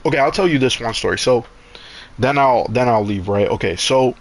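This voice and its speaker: A young man talks casually over his game. He rambles through stories in a middle-pitched voice, swears freely and often stops to restart a sentence. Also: normal speed. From Canada. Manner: rambling, profane storytelling with many restarts. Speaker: gaming streamer. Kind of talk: casual chat while gaming.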